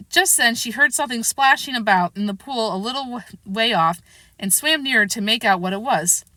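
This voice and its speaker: A woman reading a children's classic aloud in a lively, expressive way. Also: a little high, normal speed, no room sound. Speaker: storybook reader.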